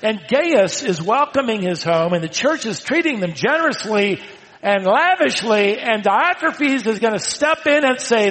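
A man preaching a sermon, swinging from loud emphatic lines to hushed, quiet ones. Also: high voice, lively intonation, measured pace, in a large hall, rough recording. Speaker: pastor.

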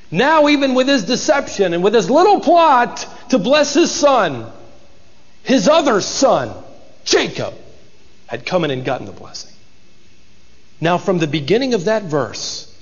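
A man's voice: on the high side, long reverb tail, lo-fi sound. A married man preaching a sermon, reading scripture aloud dramatically and voicing its characters. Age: adult, married. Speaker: pastor.

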